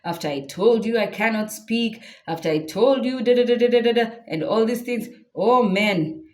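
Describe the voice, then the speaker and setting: A woman's voice: a little high, normal speed, echoey room, voice pushed up, lightly acted. A woman voicing a panicked male leader pleading with God in an exasperated tone.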